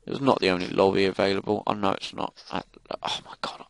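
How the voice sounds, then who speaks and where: A man's voice: sits low, steady tone, fast talker, dry recording. A young man giving live commentary over a shooter game, swearing and ranting in frustrated outbursts. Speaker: gaming commentator.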